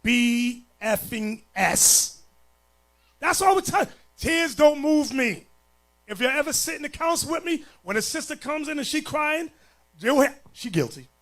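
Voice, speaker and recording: A man preaching as a bishop, blunt and forceful, dropping to low mutters and rising to shouts. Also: very animated, unhurried. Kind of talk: sermon.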